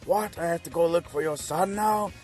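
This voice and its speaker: A man's voice: on the high side, moderate pace, darkish tone, faint music behind, pitched above the performer's own voice, lightly acted. A man voicing an irritable, scornful male warrior in a crude cartoon recap. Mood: irritated. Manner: scornful and snappish.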